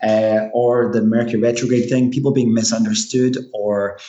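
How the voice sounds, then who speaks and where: A man's voice: mid-range voice, little pitch movement, moderate pace, warm tone, lo-fi sound. A man with a Glaswegian Scottish accent, an astrologer chatting casually on a podcast, rambling with lots of restarts and fillers. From Scotland. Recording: roomy echo.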